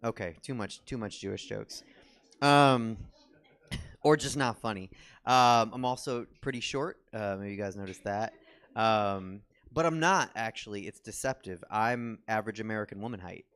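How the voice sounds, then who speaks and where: Give me a young man doing a rambling, self-deprecating stand-up set on a comedy theater stage, with a slightly low voice. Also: moderate pace, fairly bright tone, smooth. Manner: rambling, self-deprecating, many ums and restarts.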